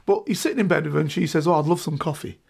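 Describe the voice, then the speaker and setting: A middle-aged man, talking in an emphatic, animated way and checking in with "right?" as a guest in a casual discussion. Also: on the high side, very fast, gravelly, slightly rough.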